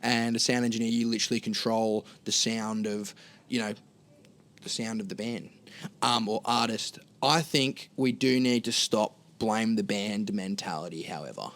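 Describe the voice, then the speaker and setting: Australian male guest singer, mid-pitched, blunt and candid. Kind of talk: casual chat.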